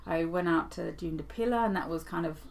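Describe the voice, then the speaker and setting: A woman from the UK, a paramotor pilot, talking as a podcast guest in a thoughtful, halting way. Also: lowish voice, vocal fry, a little mellow. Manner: thoughtful, halting, restarts phrases. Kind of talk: casual interview chat.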